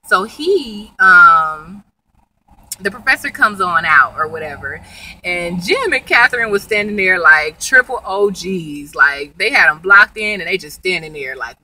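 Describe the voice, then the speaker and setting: A woman's voice: on the low side, animated, normal speed, bright, forceful tone, a little hiss or hum, rough recording. A woman casually recapping a TV episode, chatty and storytelling, acting out the characters' lines as she goes. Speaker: TV show reviewer.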